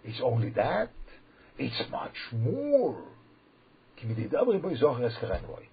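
A man teaching a Torah lesson as a rabbi, emphatic and repetitive, with sudden loud bursts when he quotes the verses. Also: mid-range voice, wildly swooping pitch, unhurried, gravelly, breathy edge. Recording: dull lo-fi recording with faint background noise.

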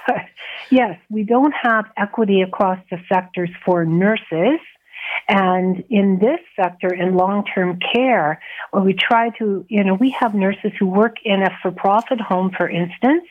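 A woman, a nurses' union president, speaks earnestly in a radio interview, with restarts and soft laughs. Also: medium pitch. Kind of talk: radio interview over the phone. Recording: tinny phone line.

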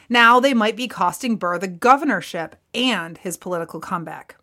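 Bright-voiced woman explaining history. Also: medium pitch. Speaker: podcast co-host. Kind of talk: scripted history narration with explanatory asides.

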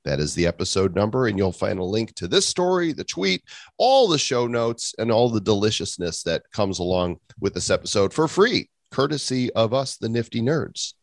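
Male podcast co-host, low voice, dry close sound, joking casual delivery. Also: sing-song, moderate pace, gravelly, no echo. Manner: jokey, riffing, slips into mock voices. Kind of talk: casual chat.

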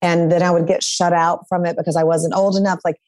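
A woman's voice: fairly low pitch, flat delivery, fast talker, darkish tone, no echo. A woman appearing as a divorce attorney guest on a podcast, talking in a reflective, candid way. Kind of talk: conversational interview.

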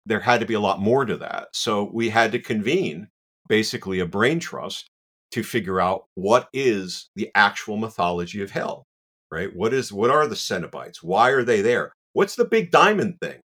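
A man, a guest on the show, telling an anecdote in a casual, animated way with self-deprecating asides and lots of "you know.". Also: lowish voice, moderate pace.

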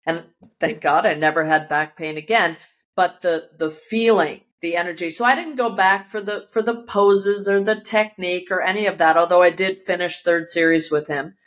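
A woman guest in an interview speaks at a moderate pace in a lowish, slightly bright voice. She gives a vivid account of something personal and acts out the voices of those she quotes, all recorded in her yoga studio.

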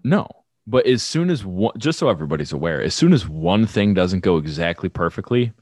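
Low male co-host, dry wit, teasing, recorded dry and close. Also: big pitch swings, a little fast, darkish tone, husky, no room sound. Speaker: podcast co-host. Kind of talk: casual podcast chat.

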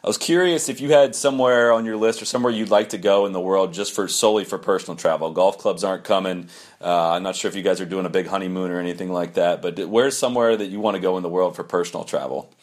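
Male podcast host, low-pitched, relaxed rambling questions. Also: fast talker. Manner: easygoing questioner, loose and rambling. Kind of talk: casual podcast interview.

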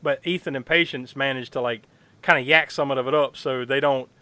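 Man, bright forceful voice, slightly high, excitable, swears a lot, laughs often, dry close sound. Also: brisk, no echo. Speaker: podcast co-host recapping a horror film. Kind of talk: casual chat.

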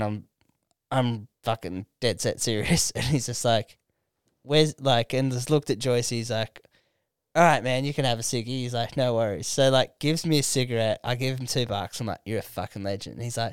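A man's voice: medium pitch, normal speed, clear, resonant tone, dry recording. A young Australian man, a comedian, telling a story in casual chat, swearing freely and acting out what people said. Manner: animated, swears a lot, acts out quotes. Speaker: comedian podcast co-host. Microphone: studio microphone.

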